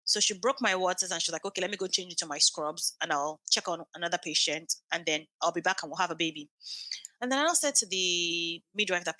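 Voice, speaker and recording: Woman, 30s, podcast guest; bright, forceful voice, dry close sound, lively storyteller who voices every exchange. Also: lowish voice, fairly quick, dry recording. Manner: animated, acts out quoted dialogue. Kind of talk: emotional storytelling.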